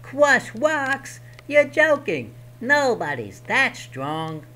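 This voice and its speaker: A man voicing a small, boastful male goblin who squeaks in a high voice and drags out his words. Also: big pitch swings, very slow, pushed and bright, exaggerated voice. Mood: mocking.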